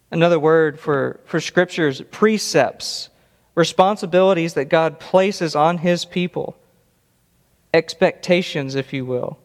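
A man's voice: a little high, a little slow. A man preaching an expository sermon, earnest and emphatic, often repeating words for stress. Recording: long reverb of a large hall.

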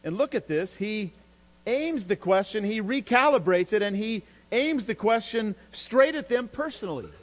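Emphatic pastor preaching in a hall. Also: male voice, expressive, normal speed. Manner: emphatic, rising pitch and volume when stressing points. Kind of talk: sermon. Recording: long hall reverb with mains hum.

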